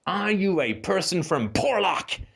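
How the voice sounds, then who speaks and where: A male talk host who rants in a casual, animated way with a fairly high voice that swoops all over. He keeps firing rhetorical questions and tagging his points with "right?" as he lectures a caller. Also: measured pace, vocal fry, breathy edge. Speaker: call-in show host. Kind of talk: casual ranting monologue.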